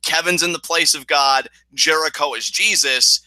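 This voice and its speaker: A man co-hosting a casual wrestling review podcast, excitable and swearing as he recaps. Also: a little high, normal speed, no room sound, poor audio. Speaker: podcast co-host.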